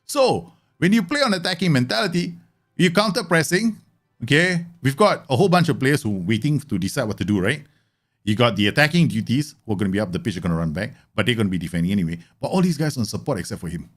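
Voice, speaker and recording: A man hosting a live show, explaining game tactics in an animated way, laughing often and acting out imagined conversations. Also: medium pitch, fast. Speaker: host.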